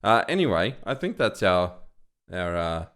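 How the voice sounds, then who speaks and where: A man in his thirties, co-hosting a casual podcast chat, joking and excitable. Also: low-pitched, a little slow. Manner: joking, excitable, breaks into loud laughter. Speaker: podcast co-host.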